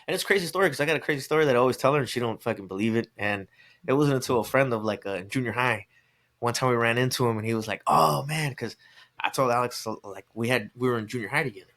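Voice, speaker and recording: A man's voice: mid-range voice, very fast. Man telling a rambling story with laughs. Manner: rambling, animated, acts out quotes with laughs. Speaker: podcast guest. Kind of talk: casual storytelling chat.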